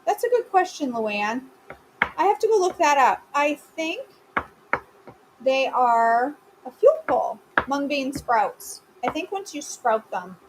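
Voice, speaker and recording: A woman's voice: sits high, very animated, slow, noisy background. A woman hosting a live cooking stream from her home kitchen, chatting casually and answering viewers by name with playful, self-mocking humor.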